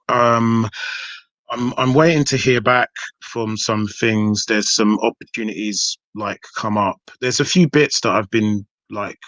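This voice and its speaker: A man in a relaxed podcast chat, rambling and restarting often as he talks about his music. His voice sits a little low and sounds dry and close, with no room echo. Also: lo-fi sound. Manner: rambling, many restarts and fillers. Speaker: hip hop artist. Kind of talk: casual podcast interview.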